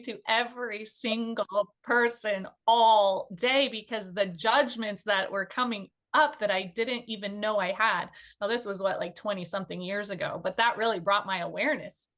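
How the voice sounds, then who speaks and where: A woman co-hosting a conversational panel, talking in an animated, chatty way with fillers and light giggles. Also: medium pitch, moderate pace, hardly any pauses.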